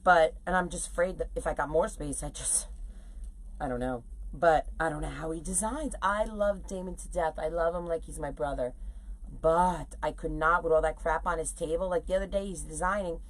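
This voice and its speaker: A woman's voice: low-pitched, moderate pace. Chatty woman crafting on a live stream. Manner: chatty, animated, talks to viewers while working. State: sore legs from standing. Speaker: wreath designer hosting a live stream. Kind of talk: casual chat while crafting on a live video.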